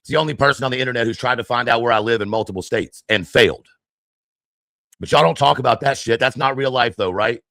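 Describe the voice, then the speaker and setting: A furious man rants into a close, dry microphone, hurling insults and challenges. His voice sits at an ordinary middle pitch. The delivery is confrontational and profane throughout. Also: fast, vocal fry, sharp tone, no echo. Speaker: livestreamer. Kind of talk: angry livestream rant.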